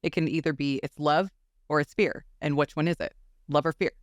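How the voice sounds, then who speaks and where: A woman's voice: sits low, steady tone, no echo. Effusive woman podcast host, dry sound. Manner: effusive and enthusiastic, quick to agree. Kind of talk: podcast interview chat.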